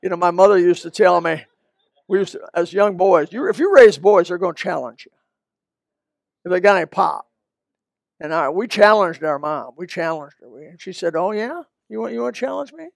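An older man, a Baptist pastor, preaching a sermon in a folksy, conversational way with quick asides. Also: high voice, gravelly, no room sound, studio quality. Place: church.

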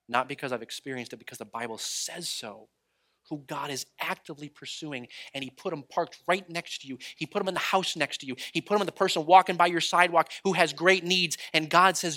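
Male preacher, fairly high and bright tone, animated story sermon, acts out quoted voices. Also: a little fast. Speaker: traveling preacher.

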